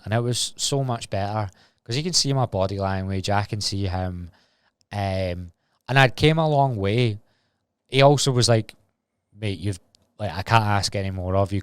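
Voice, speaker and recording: A man's voice: fairly low pitch, smooth, no room sound, clean studio sound. A Scottish man in his twenties talking candidly and rambling on a solo podcast, swearing freely. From Scotland. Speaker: podcast host.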